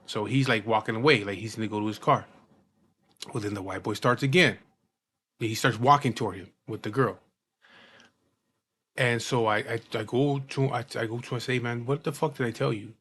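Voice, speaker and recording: A man telling a personal story in casual talk, rough and profane, often repeating and restarting his words. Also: on the low side, moderate pace, pauses often, a bit bright.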